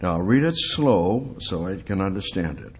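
A male preacher delivering a sermon, asking rhetorical questions and building up to emphatic, high-pitched peaks. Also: expressive, normal speed, breathy edge.

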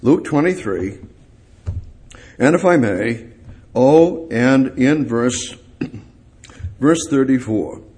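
A male preacher delivering a sermon at an unhurried pace. His pitch moves a lot as he swells on key words and falls away again. He repeats short phrases over and over to drive them home. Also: lively intonation, a little mellow. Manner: halting, repeats phrases for emphasis; rises and swells on key words, then drops low.

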